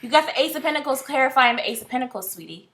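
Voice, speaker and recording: A woman's voice: sits high, rapid-fire. A woman reading tarot cards in a casual, blunt, talkative vlog style, often exasperated and swearing now and then. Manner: chatty, blunt, animated, swears. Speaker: tarot reader.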